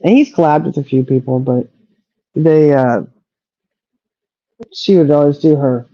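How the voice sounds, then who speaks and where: A woman's voice: low-pitched, unhurried, no room sound, lo-fi sound. A middle-aged woman chatting casually as a livestream co-host, rambling and trailing off as she talks. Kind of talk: casual chat.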